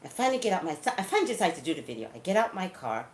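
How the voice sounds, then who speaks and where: A woman chats straight to the camera, her pitch swinging widely as she tells her stories. She sounds like a casual vlogger in an echoey room, with a faint hiss behind her. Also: rapid-fire. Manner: animated, chatty storyteller who talks straight to viewers. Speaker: psychic vlogger.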